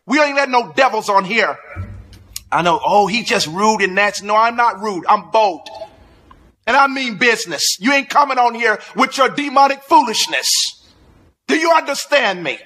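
A man's voice: very high-pitched, animated, normal speed, pushed and bright. Blustering, combative preacher man. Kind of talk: angry live-stream rant.

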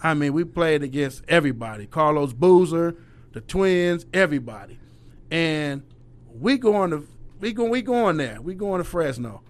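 This middle-aged man, a youth basketball coach, recounts stories in a casual chat, swearing and animated, voicing the people he quotes himself. His voice leans high and he speaks at a normal speed.

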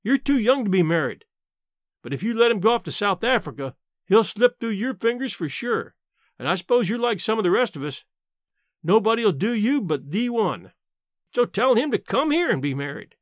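A man reading the part of a blunt, plainspoken elderly aunt who talks in a sharp, matter-of-fact and grumbling way. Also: high-pitched, very animated, moderate pace, no echo, clean studio sound, voice pushed up. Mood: blunt, sardonic.

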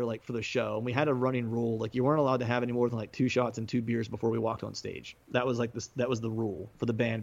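Musician guest, male, gravelly voice, loose rambling storyteller, dull lo-fi recording. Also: medium pitch. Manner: rambling, peppered with fillers, laughing often. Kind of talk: casual storytelling.

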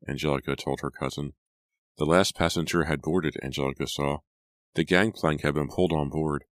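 A man narrating a horror audiobook in a measured, scripted delivery. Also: a bass voice, no room sound, studio quality.

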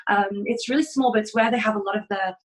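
A woman's voice: mid-range voice, quick pace, low-quality recording. A woman from England, chatting as a podcast guest and laughing often. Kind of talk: casual podcast chat.

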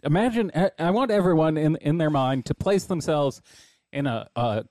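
Brief: male co-host, slightly high and very animated voice, amused and playful. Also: normal speed, no room sound. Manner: amused, playful, swearing, reads comments aloud. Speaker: podcast co-host. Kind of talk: casual chat reacting and reading comments.

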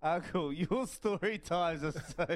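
A man's voice: fairly high pitch, a little slow. A man co-hosting a radio show, giving out the call-in number and teasing his co-host, whom he calls "Uncle". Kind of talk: casual radio banter.

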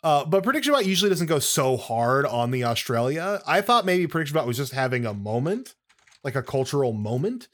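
A man's voice: mid-range voice, very animated, a little fast, fairly bright tone. Chatty man co-hosting a wrestling podcast. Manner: chatty and jokey, with many fillers and asides. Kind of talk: casual chat.

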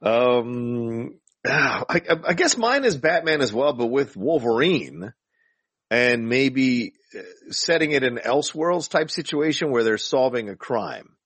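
A man hosting a podcast in casual chat, relaxed, swearing offhandedly and trailing off with fillers. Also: medium pitch, takes it slowly, slightly rough, no echo. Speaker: podcast host.

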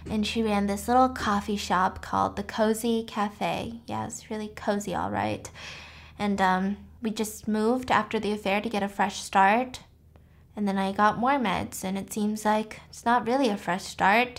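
A woman voicing a sedated young wife who speaks softly and hesitantly about her troubled marriage. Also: mid-range voice, close to an everyday voice. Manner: soft, subdued, hesitant. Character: sedated, drowsy young wife confiding quietly.

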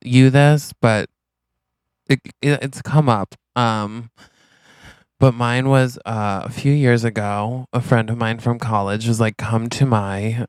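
A man co-hosting a podcast in casual chat, dropping wry, teasing remarks. His voice is smooth and resonant, recorded dry and close with no room echo. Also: mid-range voice, fairly even intonation, takes it slowly. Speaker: podcast co-host.

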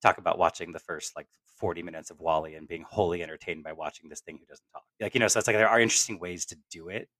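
A man's voice: sits low, fairly even intonation, quick pace, hardly any pauses, fairly bright tone, no room sound. A man co-hosting a casual podcast roundtable, rambling with lots of fillers and restarts. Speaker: podcast co-host.

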